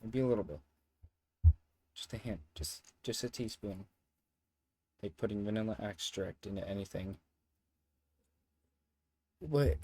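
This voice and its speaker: A man's voice: lowish voice, steady tone, normal speed, long pauses, a little mellow, no room sound. A young man telling a story in a casual vlog, rambling and joking, with some swearing. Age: young adult. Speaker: vlogger.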